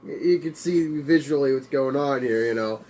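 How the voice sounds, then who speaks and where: A man's voice: medium pitch, normal speed, darkish tone. A man co-hosting a casual livestream chat, hesitant and trailing off with lots of fillers. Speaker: livestream co-host.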